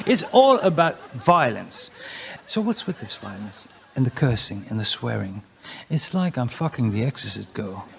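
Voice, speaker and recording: A man's voice: medium pitch, gravelly, slight background noise. A man giving a crude, brash comic talk to an audience, often jumping into mock voices. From Netherlands. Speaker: conference speaker.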